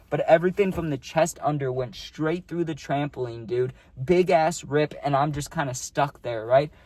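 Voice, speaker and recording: A man's voice: on the high side, a little mellow, no echo. A young man telling a rambling storytime, full of fillers like "dude" and "like". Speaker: vlogger. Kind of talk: casual storytime.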